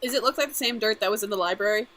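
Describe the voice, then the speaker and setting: A woman's voice: mid-range voice, racing, a bit bright. A young woman chatting casually as a tabletop player, often laughing between remarks.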